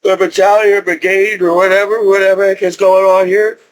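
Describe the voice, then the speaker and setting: A man's voice: sits high, level tone, brisk, slight background noise. A middle-aged man telling a rambling story about his own past, with many restarts and laughs. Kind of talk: casual storytelling.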